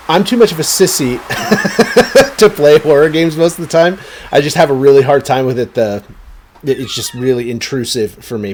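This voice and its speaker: A man's voice: medium pitch, a little mellow, slight background noise. A man chatting casually while streaming a game, rambling and talking to his viewers. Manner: rambling, chatty, many fillers and restarts.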